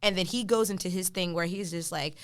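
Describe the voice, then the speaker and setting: A woman telling an animated story in casual chat, acting out the lines of people she quotes. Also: on the low side, fairly quick. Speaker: podcast guest.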